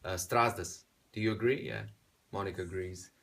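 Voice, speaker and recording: A man's voice: sits low, fairly even intonation, fairly bright tone. A man from Lithuania with a Lithuanian accent, English not his first language, answering interview questions as a singer and searching for his words. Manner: slow, searching for words, many restarts. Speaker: singer, contest entrant. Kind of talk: casual interview.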